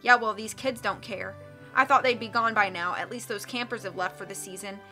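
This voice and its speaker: A woman's voice: mid-range voice, fairly quick, bright, forceful tone, soft background music. A woman voicing an irritable middle-aged male researcher who grumbles and complains. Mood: grumbling. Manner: grumbling, resentful.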